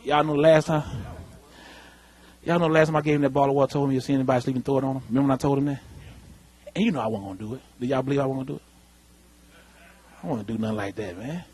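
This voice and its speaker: A man preaching a lively sermon in church, calling out to the congregation. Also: medium pitch, rapid-fire, long pauses. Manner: animated preaching, calls out to the congregation. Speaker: pastor. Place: church sanctuary.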